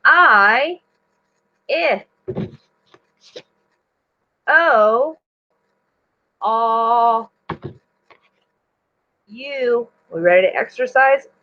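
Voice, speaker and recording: Slow, encouraging woman teaching reading. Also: fairly high pitch. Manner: encouraging, sounding out letters slowly and clearly. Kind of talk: online reading lesson for young children. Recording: dull lo-fi recording.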